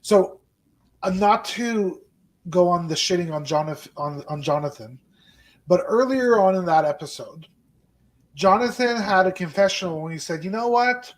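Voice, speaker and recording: A man's voice: sits high, animated, moderate pace. A man co-hosting a show in casual chat, working out his thoughts as he talks. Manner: thoughtful, working ideas out aloud. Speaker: podcast co-host.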